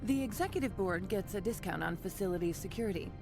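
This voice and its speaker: A woman's voice: medium pitch, fast, music in the background, natural voice. A woman playing a polished colony receptionist. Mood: informative. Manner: polished, informative, even. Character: polite female receptionist at a research colony.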